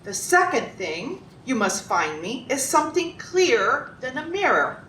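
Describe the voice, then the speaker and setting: A man's voice: very animated, a little slow, sharp tone, full character voice. A woman voicing a cruel male emperor who speaks in a condescending, stern way. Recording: roomy, distant, faint rumble.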